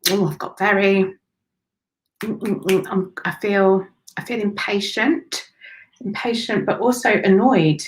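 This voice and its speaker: A woman doing live spiritual readings for viewers, speaking softly and affectionately, with sighs and drifts into whispers. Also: medium pitch, a little slow, poor audio. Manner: emotional, breathy sighs and gushing warmth. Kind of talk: live-streamed channelled readings.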